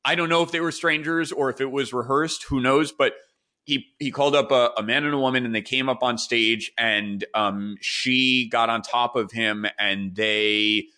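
A man in his forties hosting a podcast, telling rambling, animated stories full of fillers and restarts. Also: medium pitch, normal speed. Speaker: podcast host. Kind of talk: casual storytelling chat.

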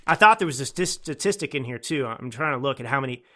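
A man's voice: mid-range voice, expressive, fast, a bit bright. A man hosting a political podcast, talking in an indignant, scornful and repetitive way. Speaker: podcast host. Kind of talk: political commentary.

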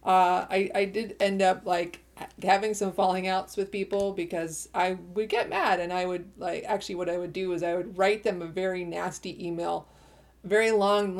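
A middle-aged woman hosting her own podcast, talking through her views in a chatty, opinionated way, often restarting sentences and laughing at herself. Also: mid-range voice. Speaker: podcast host. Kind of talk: casual solo podcast monologue.

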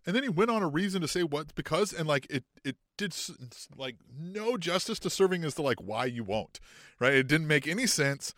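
A man with a high, swooping voice chats on a podcast, close and dry on the mic. He curses casually and drops into mocking impressions when quoting people. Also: a little fast, no room sound. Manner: animated, swears often, acts out quotes in mocking high voices. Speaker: podcast co-host. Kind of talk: casual wrestling podcast chat.

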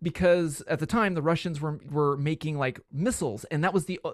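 A podcast co-host with a slightly high voice chats casually, rambling with enthusiasm. The recording is dry and of studio quality.

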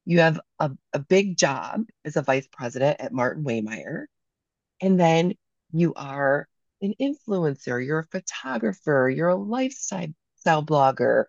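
A woman co-hosting a podcast interview, hoarse from a cold, gushing with praise in a casual chat. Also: low-pitched, big pitch swings, a little slow, darkish tone, no echo, lo-fi sound. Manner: effusive, gushing. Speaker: podcast co-host.

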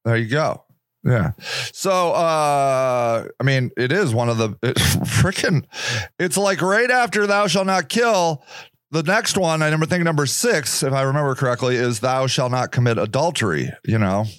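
Sarcastic rambling man, lively pitch. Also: moderate pace, smooth, dry recording, clean studio sound. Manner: sarcastic, rambling, mocking voices. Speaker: podcast host. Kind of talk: casual solo monologue.

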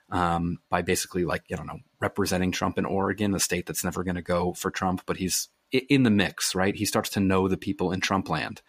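A man, an author and podcast guest, telling stories in an animated way with quick asides and restarts. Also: deep voice, no echo, studio quality. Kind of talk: conversational podcast interview.

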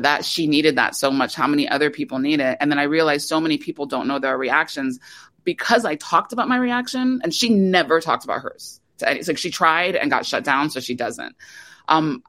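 A woman's voice: low-pitched, fairly bright tone. A woman, a documentary director, talking in an interview and telling a story with many fillers and restarts. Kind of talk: conversational interview.

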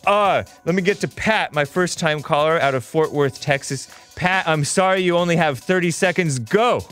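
A man hosting a talk show, reading out viewer chat messages in a sarcastic, animated way and laughing often. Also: fairly high pitch, normal speed, soft background music. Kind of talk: reading live chat and taking calls.

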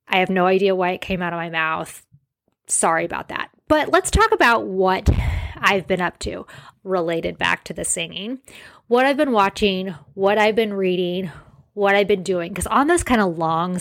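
A woman's voice: mid-range voice, a bit bright. Chatty self-mocking woman podcast host. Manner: chatty, self-deprecating, rambling asides. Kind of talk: casual solo podcast chat.

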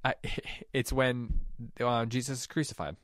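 A man's voice: medium pitch, measured pace, dry recording, studio quality. A man hosting a book discussion podcast, reflectively thinking aloud about a story. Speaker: host.

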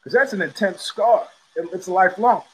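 A sardonic male host holds forth in a loose, rambling monologue, blunt and quick to mock. His voice sits fairly high for a man and has a husky, slightly rough edge. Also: poor audio. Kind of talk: casual solo commentary.

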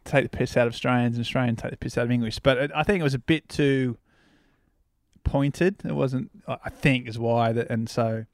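A man's voice: medium pitch, fairly even intonation, a little fast, no echo, clean studio sound. Rambling, laughing male surf writer. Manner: rambling, laughing, self-deprecating. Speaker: surf writer and podcast guest. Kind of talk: casual interview chat.

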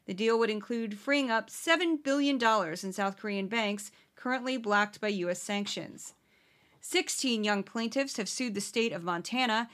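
A woman's voice: medium pitch, a bit bright. A woman hosting a podcast, giving sarcastic, exasperated satirical news commentary. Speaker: podcast host.

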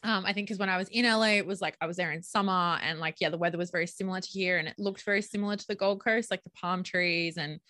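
A woman's voice: lowish voice, fairly even intonation, quick pace, hardly any pauses, sharp tone, no room sound, studio quality. A young adult woman with an Australian accent, co-hosting a podcast in casual chat, full of "like" and "um". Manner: chatty, lots of "like" and "um". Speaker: podcast co-host.

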